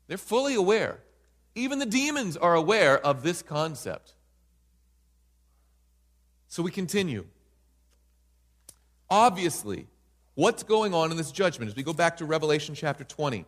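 A man's voice: a little high, sing-song, moderate pace, long pauses, fairly bright tone, in a large hall. A man preaching a Bible study sermon in an emphatic way, often checking in with listeners by asking "right?".

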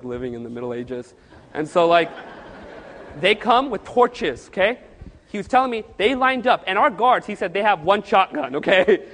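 A male preacher telling a story in a sermon, animated and acting out the quoted speech. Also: high-pitched. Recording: long hall reverb.

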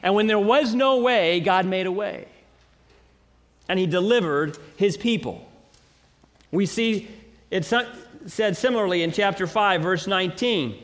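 A man preaching a sermon, reading scripture aloud and building to dramatic, slowly emphasized declarations. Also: high-pitched, fairly bright tone, in a large hall. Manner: preaching with dramatic swells and slow emphatic pauses.

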